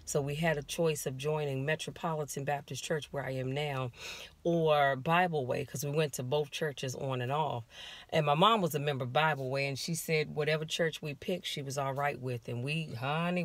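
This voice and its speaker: Talking fairly quickly in a deep voice, a life coach from America tells her audience a personal story from inside her car, animated and confiding as she addresses them directly, with no echo on the recording.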